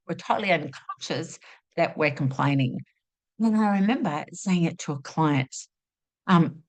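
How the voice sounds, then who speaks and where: Aussie woman teaching spiritual stuff, lowish voice, lots of rhetorical questions and little acted-out voices. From Australia. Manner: expressive, acts out inner voices, rhetorical questions.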